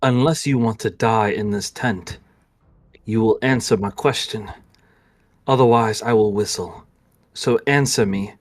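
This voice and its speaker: A man voicing a grim male dark-order warrior who speaks in measured threats. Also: lowish voice, lightly acted. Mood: menacing.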